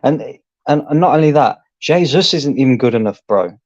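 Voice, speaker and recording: A man calmly arguing a point about his football club's squad in casual chat. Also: medium pitch, a little fast, no echo, lo-fi sound. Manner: calm, explanatory, argumentative. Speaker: co-host, football fan.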